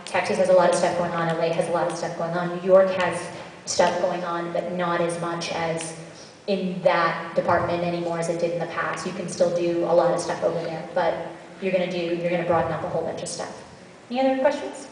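A woman's voice: on the low side, fairly even intonation, a little fast, a little hiss or hum. A woman voice actor answering audience questions on a convention panel, chatty and practical. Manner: chatty, practical advice with asides. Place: large convention hall. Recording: echoey hall, far from mic.

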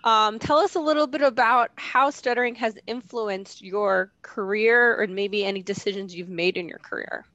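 A woman's voice: medium pitch, moderate pace, few pauses, fairly bright tone, dry recording. A woman hosting a podcast interview, friendly and upbeat as she asks her guest questions. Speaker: podcast host.

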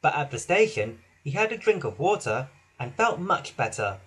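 A man reading a children's storybook aloud in an expressive, sing-song way. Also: on the high side, normal speed, slightly rough. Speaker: narrator.

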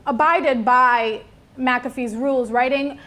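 Reading comments aloud with plenty of ums, a chatty young New Yorker co-hosts a laid-back news show. She speaks slowly in a high, steady voice that sounds pushed and bright.

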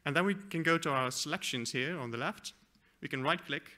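A man giving a conference presentation, walking through a live software demo with a few fillers and self-corrections. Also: a little high, a little fast. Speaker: conference speaker. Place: conference hall.

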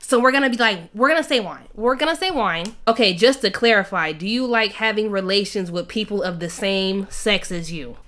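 A woman in her twenties reading out a quiz in a casual, playful chat full of slang and quick asides. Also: mid-range voice, a bit bright. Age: 20s. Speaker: YouTuber.

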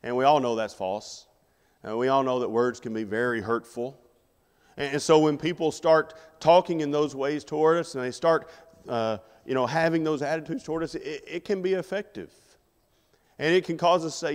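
A man's voice: on the high side, moderate pace, clean tone, long reverb tail. A man preaching a sermon in a conversational way, putting rhetorical questions to the congregation. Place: church sanctuary.

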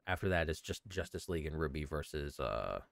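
Male co-host, low lively voice, dry close sound, laughs easily. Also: fairly quick, gravelly, no echo. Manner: relaxed, laughing, jumps into put-on high voices for quotes. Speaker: podcast co-host. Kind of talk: casual chat.

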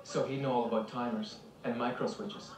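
A man's voice: medium pitch, fairly even intonation, a little fast, darkish tone, lightly acted. An actor playing a matter-of-fact male investigator. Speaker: investigator colleague. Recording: roomy distant TV soundtrack, music behind.

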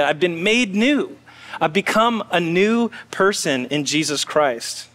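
A man's high voice carries through a church sanctuary's long reverb as he preaches a sermon. He tells it like a story, easygoing, with side remarks tossed to the congregation.

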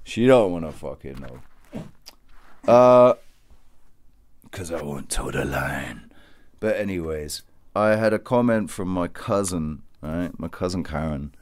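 A man talking straight to camera in a rambling, self-mocking monologue. His voice sits low but moves around a lot. He swears freely, and the sound is dry and close. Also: lively intonation, takes it slowly, long pauses, a little mellow, no echo. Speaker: vlogger.

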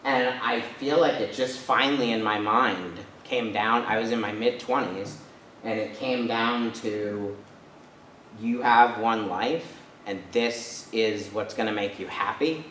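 A man's voice: on the low side, slow pace, a bit bright, slight background noise. Man from Rhode Island, guest speaker, casual chatty talk, distant mic, echoey church hall. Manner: casual, chatty, many fillers and tag questions. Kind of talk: personal talk to an audience.

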